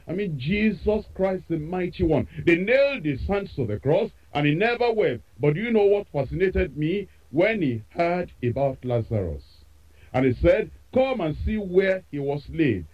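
A man's voice: fairly high pitch, highs cut off. A man preaching a sermon, emphatic and repeating phrases for effect.

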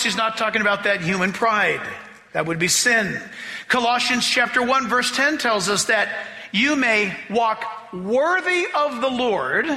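A man preaching a sermon as pastor, animated, acting out voices to make his points. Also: very high-pitched. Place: church sanctuary. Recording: long hall reverb.

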